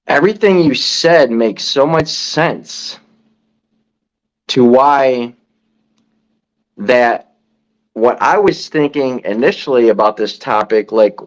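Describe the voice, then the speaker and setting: A man co-hosts a podcast in casual, reflective talk, circling his point with repeated words. His mid-pitched voice comes through a dull, lo-fi recording. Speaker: podcast co-host. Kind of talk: casual chat. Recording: dull lo-fi sound.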